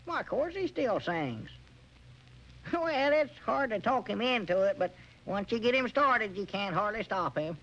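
An actor playing a chatty storekeeper in a 1930s radio comedy, drawling, sly and teasing. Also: male voice, big pitch swings, a little slow, a bit bright, exaggerated voice. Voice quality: high, drawling, folksy. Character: chatty rural storekeeper Abner, sly joker. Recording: muffled old radio recording with faint hiss.

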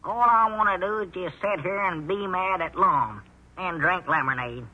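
An actor playing an excitable, slow-witted country storekeeper and deputy, drawling and easily riled, in a 1930s radio comedy on a muffled recording. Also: male voice, high voice, breathy edge. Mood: grumbling flustered.

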